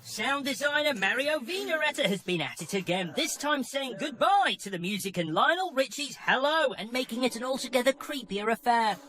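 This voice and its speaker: A woman's voice: sits high, moderate pace, few pauses. A woman reading a wry, scripted comedy voice-over. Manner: wry, lively. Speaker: narrator. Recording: voice-over with music behind.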